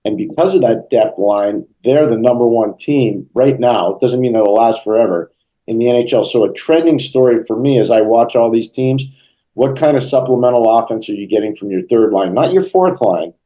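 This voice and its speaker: A middle-aged man in an interview, telling lively stories and acting out the quotes. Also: mid-range voice, moderate pace, low-quality recording. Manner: animated storyteller, acts out quotes. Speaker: interview guest, hockey broadcaster. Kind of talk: storytelling interview answers.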